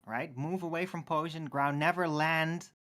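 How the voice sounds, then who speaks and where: A man with a fairly high voice chimes in with quick agreeing remarks during an online debate. His asides are short. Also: fairly even intonation, bright, forceful tone. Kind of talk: casual debate chat on an online call.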